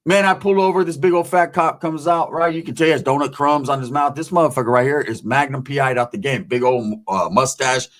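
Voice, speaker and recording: A man's voice: medium pitch, fairly even intonation, a little fast, few pauses. A man telling stories and ranting in casual street slang, swearing freely as a YouTube commentator. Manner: profane, streetwise storytelling with slang. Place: home.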